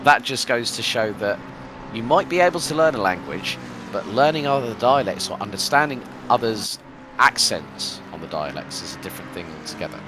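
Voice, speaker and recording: A man's voice: medium pitch, very animated, a little fast, noisy background. A man from the UK commentating a live sim race, chatty and rambling with lots of fillers. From United Kingdom.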